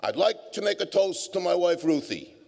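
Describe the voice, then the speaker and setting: A man playing a wisecracking old male cab driver with a thick New York accent, grumbling and deadpan, in a reverberant hall. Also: high-pitched, normal speed, creaky, pitched above the performer's own voice, heavily acted.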